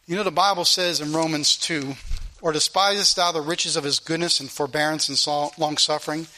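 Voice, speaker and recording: A man preaching, his voice high and ringing. He reads scripture and then drives it home with fervent repetition. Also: fairly even intonation, brisk, pushed and bright. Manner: fervent, repeats lines for emphasis, reads scripture aloud. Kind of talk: sermon.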